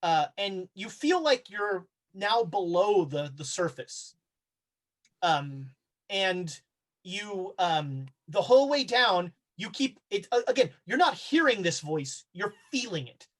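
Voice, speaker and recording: A man's voice: high-pitched, sing-song, takes it slowly. A man running a tabletop horror game, narrating scenes casually with many fillers and restarts. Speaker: game master.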